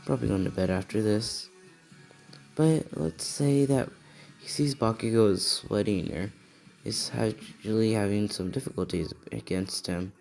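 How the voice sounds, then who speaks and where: A man's voice: lowish voice, a little slow, creaky, a little mellow, faint music behind. A tired young man improvising a fan story, rambling and hedging with lots of fillers. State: tired, yawning.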